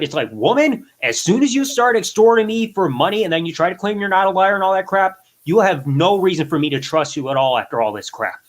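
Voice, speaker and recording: A man's voice: high voice, lively intonation, a little fast, hardly any pauses. Heated, rambling male caller. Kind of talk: venting on a live call.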